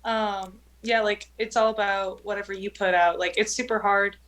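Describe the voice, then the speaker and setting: A young woman with a Texan accent talks as a guest on a casual podcast. She is blunt and go-getting, with quick energy and easy laughs. Her voice sits at an ordinary middle pitch for a woman. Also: fairly even intonation, fairly bright tone. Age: young adult. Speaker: podcast guest, fitness trainer.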